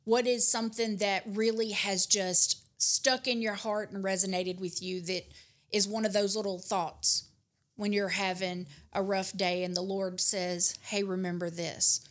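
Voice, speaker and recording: A woman hosts a relaxed interview, speaking at an average pitch. She is effusive and encouraging, and she showers her guest with praise in an easygoing, chatty way. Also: unhurried. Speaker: host. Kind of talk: casual interview chat.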